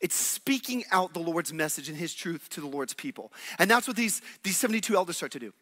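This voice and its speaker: A male pastor preaching a sermon in an animated, playful way, acting out characters from the story. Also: on the high side, brisk.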